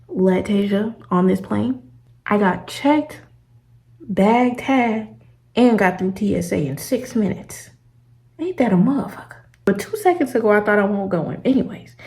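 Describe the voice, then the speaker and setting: A young woman travel vlogger tells a story in a mid-range, darkish voice. Her storytime is dramatic and full of slang, and she acts out the people involved by voicing their quotes.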